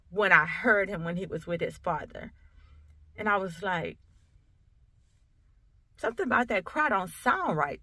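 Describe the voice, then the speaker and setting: Bright-voiced, emphatic woman storyteller. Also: medium pitch, dry recording. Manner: emphatic, repetitive, conversational. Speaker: coach and sickle cell awareness speaker. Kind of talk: personal storytelling to camera.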